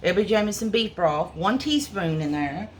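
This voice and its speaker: Woman cook, homey chatty vlog on a phone, mid pitch, faint noise. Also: lively intonation, normal speed, darkish tone. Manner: homey, chatty, addresses viewers as y'all. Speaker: small restaurant cook. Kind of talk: casual cooking video. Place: restaurant kitchen. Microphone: phone camera.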